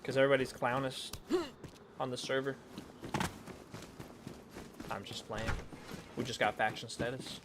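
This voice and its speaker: A man chats casually while streaming a game, rambling and poking fun at himself. He often drops into mumbled asides in a mid-range voice. Steady background noise sits behind him. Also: mid-range voice, a little slow, long pauses. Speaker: streamer playing a role-play game. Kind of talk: casual gaming chat. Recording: noisy background.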